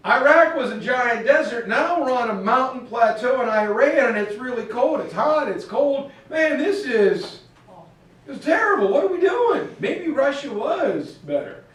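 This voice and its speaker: A man's voice: very high voice, expressive, unhurried, a bit bright, voice pushed up, exaggerated voice. A man playing fed-up wandering herders. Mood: exasperated. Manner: exasperated, exclaiming. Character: weary wandering male herders, complaining. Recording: echoey classroom from far off.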